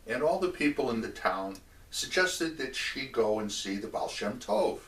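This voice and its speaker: A man telling a religious story in a measured way, stopping for asides to the listener. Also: mid-range voice, big pitch swings, a bit bright. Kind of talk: oral storytelling of a religious tale. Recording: roomy echo, mic at a distance.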